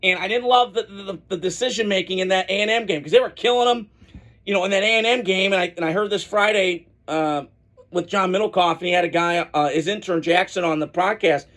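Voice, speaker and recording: A man's voice: high voice, brisk, a bit bright. A man hosting a college football podcast, giving casual, opinionated solo commentary with rambling asides and frequent restarts.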